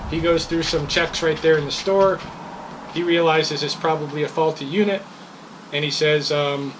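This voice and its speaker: A woman's voice: sits low, fairly even intonation, brisk. Woman, casual storytelling, rambling and heated, faint room hum. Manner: rambling, grows heated and laughing when frustrated. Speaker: customer telling of a complaint.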